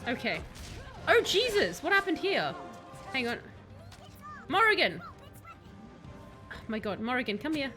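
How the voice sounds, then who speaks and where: Young woman, game streamer, high voice, excitable, joking commentary, soft music behind. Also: a little slow, long pauses. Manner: excitable, jokey, talks to game companions. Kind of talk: casual live gameplay commentary.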